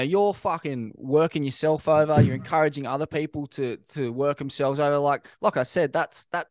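A man's voice: fairly high pitch, no echo. Reflective Australian male podcast host. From Sydney, Australia. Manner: reflective, rambling, many fillers and swearing. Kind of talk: casual interview chat.

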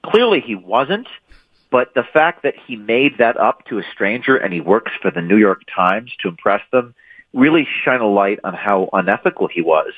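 A man speaks as an author and guest. He delivers his answers in a low, emphatic voice and often stumbles over repeated words. The audio comes through a tinny, narrow phone line with a dry sound. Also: sing-song, moderate pace, slightly rough, no room sound. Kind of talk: remote interview answers.

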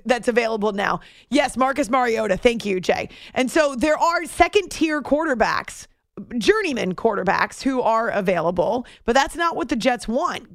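A woman hosting late-night sports radio, talking in a chatty, quick way with frequent laughs and asides. Her voice sits a little high. The studio sound is dry and close. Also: no echo. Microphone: studio microphone.

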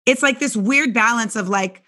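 A woman interviewer asks her questions in a loose, halting way, leaning on filler words. Her voice sits a bit high and sounds bright. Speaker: interviewer and journalist. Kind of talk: casual conversational interview.

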